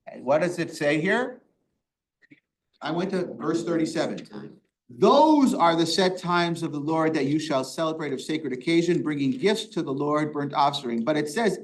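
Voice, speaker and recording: A rabbi leading a Torah study class, asking rhetorical questions and quoting Hebrew verses. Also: male voice, fairly high pitch, very animated, moderate pace, a little hiss or hum. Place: synagogue classroom.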